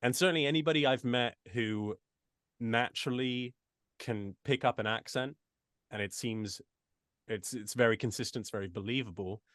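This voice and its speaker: An interview guest, this male voice actor is from the US but speaks with an English accent, and his casual talk is full of restarts and asides. He has a mid-range, fairly bright voice at a moderate pace. The recording is dry and studio quality.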